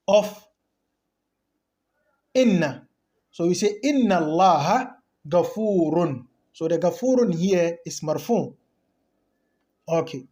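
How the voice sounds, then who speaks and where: A man's voice: high-pitched, darkish tone. A man teaching an Arabic grammar lesson in English. He explains step by step, repeats key terms and asks rhetorical questions.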